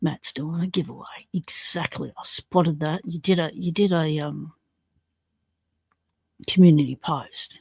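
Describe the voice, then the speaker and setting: A woman's voice: sits low, steady tone, unhurried, gravelly, pauses often, a little mellow, slightly rough, dry recording. An Australian woman hosting a livestream, chatting in a casual, slangy way as she greets viewers and reads out their comments. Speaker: livestream host.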